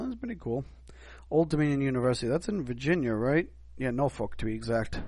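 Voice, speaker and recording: A man with a New York accent hosting a podcast, talking through a rambling, animated solo commentary full of restarts and asides. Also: mid-range voice, fairly quick, no room sound. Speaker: podcast host.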